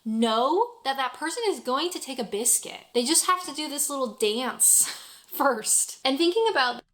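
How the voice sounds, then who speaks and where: A woman's voice: high voice, expressive, measured pace, fairly bright tone. A woman narrating a travel vlog in a chatty, playfully humorous way. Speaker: travel vlogger.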